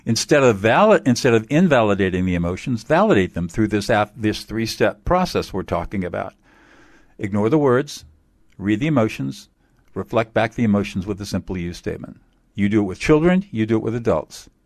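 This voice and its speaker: Male mediator guest, lowish voice, emphatic teacher-like explainer, close dry mic. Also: very animated, brisk, dry recording. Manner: emphatic, explanatory, repeats key phrases. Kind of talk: interview answers.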